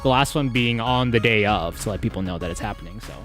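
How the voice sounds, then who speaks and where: A man's voice: lowish voice, fast talker, a bit bright, faint music behind. A man hosting a casual live stream, rambling and laughing often as he talks. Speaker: streamer and charity host.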